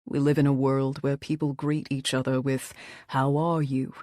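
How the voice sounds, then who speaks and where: A woman voicing a troubled male rockstar who speaks softly in a subdued, confessional tone, in an audiobook. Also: flat delivery, moderate pace, no echo, studio quality. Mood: reflective. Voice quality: soft, low and subdued. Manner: quiet, confessional. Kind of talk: audiobook character voice.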